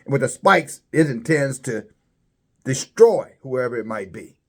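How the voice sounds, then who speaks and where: Halting preacher man, rising emphasis. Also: animated. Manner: halting, repeats words, rises high when stressing points. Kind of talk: religious commentary sermon.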